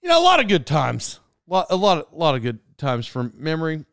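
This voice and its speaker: Middle-aged male podcast host, fairly high smooth voice, dry close sound, rambling casual storyteller. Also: fairly quick, dry recording. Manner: rambling, animated, laughs at his own story.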